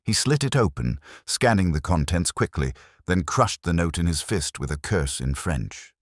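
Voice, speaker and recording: Deep deep male voice reading a mystery story, measured, varied tone, dry close sound. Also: sing-song, no echo. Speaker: narrator. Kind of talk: scripted narration.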